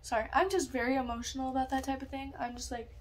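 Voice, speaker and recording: Young woman, high voice, scattered ranting vlog talk, dorm room, faint room hiss. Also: little pitch movement, fast talker. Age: young adult. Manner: scatterbrained, ranting, swears casually. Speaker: vlogger. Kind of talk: casual vlog chat.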